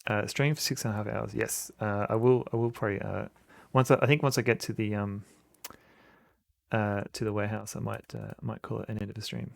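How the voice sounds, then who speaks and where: A man's voice: on the low side, steady tone, brisk, gravelly, dry recording. An Australian man streaming an old adventure game, joking around and reading the game's text aloud into a desk mic. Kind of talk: casual let's-play commentary.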